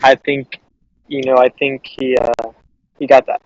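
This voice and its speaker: A man's voice: medium pitch, flat delivery, a little slow, muffled recording. Laid-back slangy man playing a character. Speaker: player. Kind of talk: casual in-character play.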